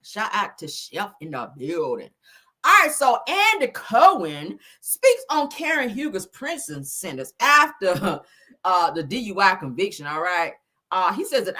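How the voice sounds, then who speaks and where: A woman hosting a casual gossip show, loud, laughing and full of slang as she teases. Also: lowish voice, very animated, moderate pace, husky. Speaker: show host.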